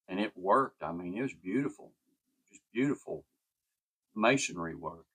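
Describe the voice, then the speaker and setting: A man's voice: low-pitched, animated, normal speed, pushed and bright, slightly rough. A man telling a personal story in a folksy, earnest way.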